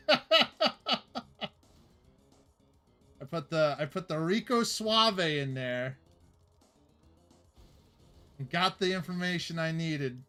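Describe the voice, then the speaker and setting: Streamer, young adult male, slightly high voice, rambling casual storyteller, faint music under. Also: expressive, extremely slow, pauses often, sharp tone. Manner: rambling, with many fillers and laughs.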